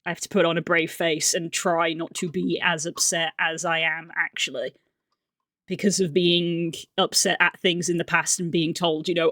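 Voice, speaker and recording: A woman's voice: on the low side, steady tone, moderate pace, a bit bright, no room sound, studio quality. A young woman livestreamer telling a casual story on stream, rambling and chatty with lots of fillers and restarts.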